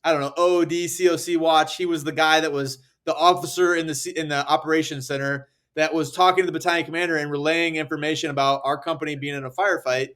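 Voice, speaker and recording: An American man in his thirties telling stories casually on a podcast, animated and acting out quoted lines. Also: fast, few pauses. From United States. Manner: animated, acts out quotes with rising pitch. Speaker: podcast guest. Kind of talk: casual storytelling.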